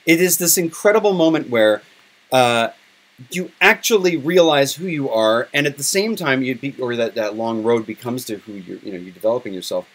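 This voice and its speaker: A man's voice: medium pitch, moderate pace, fairly bright tone. A middle-aged man hosting a podcast in casual chat, candid and emotional, swearing freely. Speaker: podcast host.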